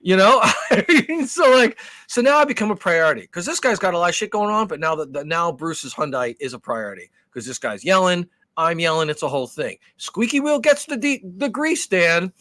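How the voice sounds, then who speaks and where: A man co-hosting a podcast, telling a long casual story in an animated, profane, rambling way with many restarts. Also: a little high, a little fast, no room sound. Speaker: podcast co-host.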